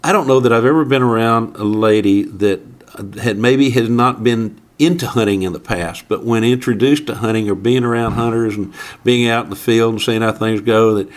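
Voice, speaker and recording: A man, a guest outdoor writer, telling hunting stories in a casual podcast conversation and acting out his anecdotes. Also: on the low side. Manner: animated storyteller who acts out anecdotes.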